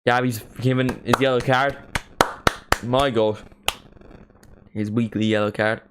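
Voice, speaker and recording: A man's voice: medium pitch, fairly even intonation, unhurried, very noisy. A man from Northern Ireland with a mild Northern Irish accent, hosting a live football watchalong in a casual, chatty way that includes free swearing. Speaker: watchalong host.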